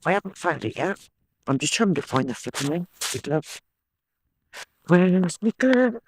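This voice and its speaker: A man's voice: high voice, very animated, normal speed, background noise. A man with a chatty, enthusiastic manner, talking to himself and the viewers while metal detecting in a sloping farm field. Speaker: metal detecting channel host. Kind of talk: casual outdoor vlog chat.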